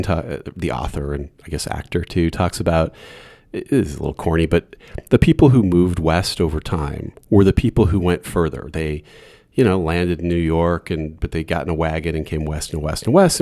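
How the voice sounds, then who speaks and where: A man's voice: low voice, a little fast, a little mellow, no room sound, studio quality. A middle-aged man hosting a podcast, chatting and musing casually as he sets up questions. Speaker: podcast host. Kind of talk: conversational interview.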